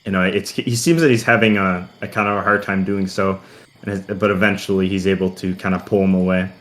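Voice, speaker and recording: A man's voice: sits low, flat delivery, fairly quick, a bit bright. A man narrating as game master, rambling and full of fillers. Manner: rambling, heavy on "kinda" and "uh".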